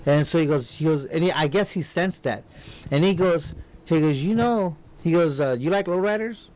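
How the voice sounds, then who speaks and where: A man's voice: fairly high pitch, normal speed, a little mellow. A man who was a world champion boxer, guest on a radio talk show, telling stories in a loose, rambling way. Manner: rambling storyteller, many restarts. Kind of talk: casual interview talk. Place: radio studio.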